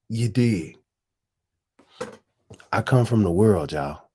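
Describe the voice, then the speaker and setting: A man's voice: low voice, expressive, slow pace, long pauses, warm tone, slightly rough. A man hosting his own channel, giving a profane, preachy monologue full of slang and rhetorical questions. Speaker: host. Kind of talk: casual monologue.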